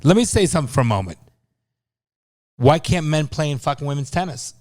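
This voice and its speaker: A man's voice: on the high side, expressive, a little fast, darkish tone. A middle-aged man co-hosting a casual podcast, ranting and swearing in exasperation. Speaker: podcast co-host, father. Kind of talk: casual chat.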